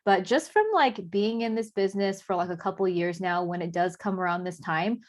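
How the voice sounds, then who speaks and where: A woman's voice: medium pitch, brisk. A woman speaking casually to her sales team on a video call, leaning heavily on "like" and "um". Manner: chatty, heavy on "like" and "um". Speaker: network marketing promoter. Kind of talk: casual Zoom team talk.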